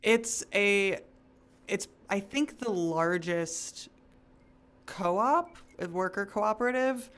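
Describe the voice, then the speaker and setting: A woman's voice: medium pitch, slow pace, a bit bright. A woman co-hosting a podcast, chatting casually, self-mocking and explaining at length. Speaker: podcast co-host. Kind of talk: casual chat.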